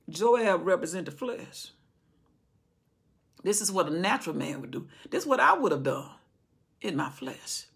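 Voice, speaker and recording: A woman preacher teaches scripture with fervent, conversational energy, circling back and repeating words as she builds her point. Her voice is bright and forceful, with a husky grain. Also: lowish voice, sing-song, normal speed, pauses often. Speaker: Bible teacher. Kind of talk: impassioned Bible study sermon.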